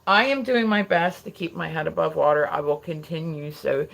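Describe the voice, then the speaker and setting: Casually chatting into a phone, a New Jersey-accented live streamer drifts from tangent to tangent and swears a lot. The voice is medium-pitched, creaky, a bit bright, and moderately paced.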